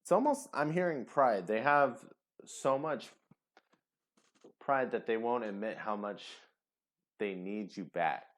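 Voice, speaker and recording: A man giving a casual tarot reading to camera, chatty and expressive, who gets caught up in his feelings. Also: mid-range voice, slow pace, pauses often. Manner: expressive, chatty, gets emotional, many ums. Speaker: tarot reader.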